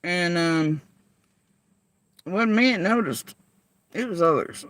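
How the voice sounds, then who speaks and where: A woman's voice: lowish voice, lively intonation, slow pace, no room sound. A woman vlogger rants to her livestream chat. She is heated and profane, and she keeps firing confrontational rhetorical questions at her viewers. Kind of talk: livestream rant addressing chat.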